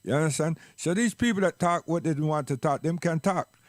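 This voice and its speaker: A man telling a personal story slowly and reflectively, repeating words for emphasis. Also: on the high side, dry recording, clean studio sound.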